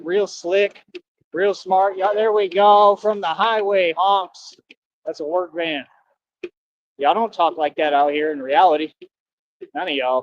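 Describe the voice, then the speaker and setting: A man talking in a casual, rambling livestream, slangy and confrontational, outdoors near a highway. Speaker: costumed livestreamer. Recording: dull lo-fi stream audio.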